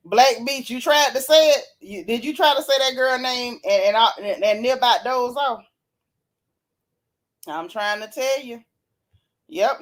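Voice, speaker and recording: A woman hosting a casual live-stream recap, reading viewer comments and talking with sassy, animated flair, often yawning and laughing. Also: fairly high pitch. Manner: sassy, animated, Southern Black vernacular gossip. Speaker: reality TV recap host reading live chat.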